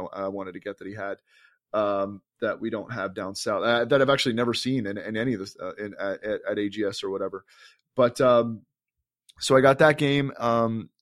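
Rambling, upbeat man chatting casually. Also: on the low side. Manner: rambling, enthusiastic storytelling with many fillers. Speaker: podcast co-host. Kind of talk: casual chat.

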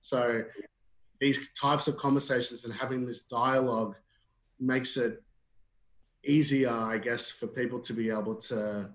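A man's voice: medium pitch, steady tone, measured pace. An Australian man speaking earnestly as a podcast guest, with frequent fillers and restarts. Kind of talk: casual conversation. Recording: echoey room.

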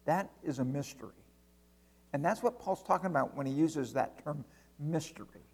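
A man's voice: a little high, normal speed, vocal fry, breathy edge. A male pastor preaching a sermon in a conversational way, full of rhetorical questions.

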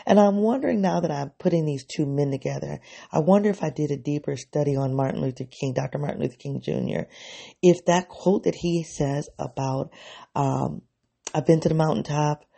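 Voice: medium pitch, brisk, vocal fry, dark tone. A vlogger giving a reflective personal monologue, thinking aloud and correcting themselves as they go.

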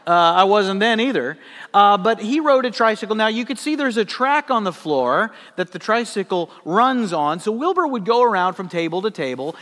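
A male pastor preaching with a fairly high voice and lively storytelling, breaking into laughing asides. His voice carries a long reverb. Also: normal speed. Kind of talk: sermon.

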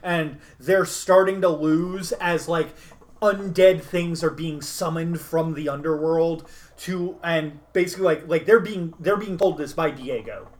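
A young man with a slightly high voice retells a tabletop game session in a loose, rambling style. He often starts over and pads his sentences with fillers as he goes. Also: measured pace. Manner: rambling, many fillers and restarts. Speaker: podcast host recapping a game session. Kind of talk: casual storytelling recap.

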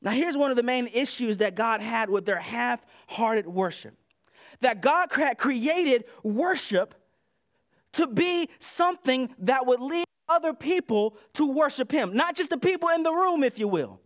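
High-voiced man preaching a casual sermon. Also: lively intonation, measured pace. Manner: conversational, acts out quoted voices, wide swings in loudness. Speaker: pastor. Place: church sanctuary.

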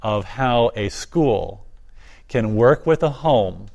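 An earnest man speaks as an interview guest, his voice sitting at an ordinary middle pitch. He talks with eager enthusiasm, often laughing lightly between his points. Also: lively intonation, takes it slowly, gravelly, a little mellow, muffled recording. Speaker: guest, ministry volunteer and author. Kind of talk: interview conversation.

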